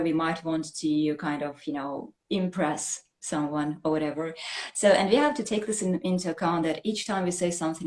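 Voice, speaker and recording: A woman English teacher, explaining language points in an animated, conversational way and often checking in with "right?". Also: sits low. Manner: animated, explanatory, frequent "you know" and "right?".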